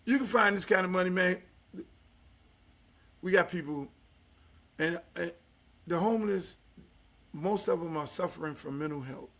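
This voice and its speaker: An older man from Miami hosting his own podcast, talking in a loud, emphatic, profane way that drops to low confessional asides. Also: normal speed, long pauses. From Miami, United States. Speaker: podcast host. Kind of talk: casual profane talk-show monologue.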